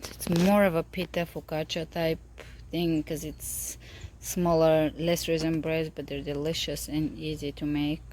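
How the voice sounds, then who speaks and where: A woman's voice: sits low, level tone, measured pace, hardly any pauses, darkish tone. A woman chatting enthusiastically in a casual cooking vlog, tasting her own baking as she talks. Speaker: home baker. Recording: echoey room with faint background noise.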